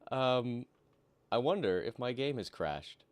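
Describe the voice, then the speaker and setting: A man hosting a game stream, teasing his co-host and spinning deadpan stories. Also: medium pitch, slow. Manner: teasing, deadpan storytelling with many fillers. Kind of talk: casual in-character banter.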